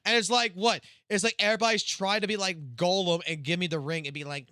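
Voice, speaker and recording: On a late-night stream, a high-voiced man rants casually at a quick clip with few pauses, his tone pushed and bright. He swears a lot, rambles, and keeps restarting sentences, and the studio-quality audio has no room sound.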